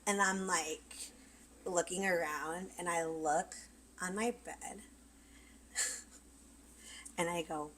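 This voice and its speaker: A woman's voice: fairly low pitch, slow, long pauses, poor audio. A woman in her twenties, co-hosting a casual chat and telling a story with lots of swearing, acting out what she said back then. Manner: animated, swears freely, acts out her own past lines loudly. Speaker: podcast co-host.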